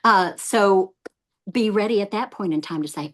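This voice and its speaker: A woman's voice: medium pitch, normal speed. A woman giving a motivational training talk to a group, telling stories and laughing often. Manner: lively storyteller, laughs often. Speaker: sales team trainer.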